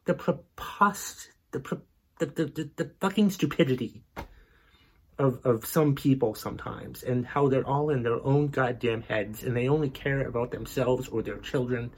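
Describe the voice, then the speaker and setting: A man's voice: medium pitch, normal speed, husky. A male podcast host delivering an exasperated, profanity-heavy rant. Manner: angry, exasperated, heavy swearing.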